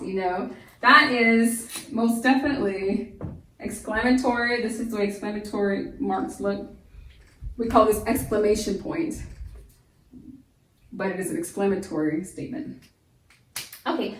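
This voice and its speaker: A woman teaching a homeschool lesson in a casual style, acting out quoted lines loudly, with many fillers. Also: mid-range voice, moderate pace, a little hiss or hum. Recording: roomy sound from a distance.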